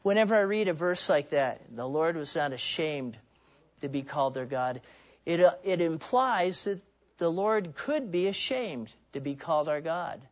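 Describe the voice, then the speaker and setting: A man's voice: on the high side, lively intonation, moderate pace, muffled recording. A man preaching a sermon in an earnest, personal way, often restarting and repeating words.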